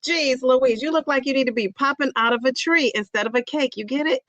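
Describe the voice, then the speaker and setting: A woman's voice: high voice, a little fast, fairly bright tone, dry recording, highs cut off. A middle-aged woman hosting a casual livestream, greeting viewers by name in a bubbly, playful way and laughing at her own jokes.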